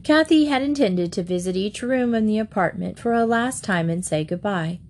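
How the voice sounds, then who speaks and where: Woman, narrator, children's book read-aloud, steady, expressive. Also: medium pitch, moderate pace, few pauses.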